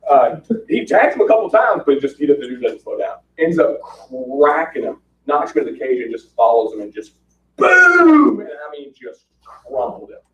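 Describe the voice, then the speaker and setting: Here a man at medium pitch and a moderate pace, barely pausing, tells fight tales casually over background noise. He animates the stories, acting out quotes and laughing often. The audio comes from a podcast and sounds muffled, distant and roomy.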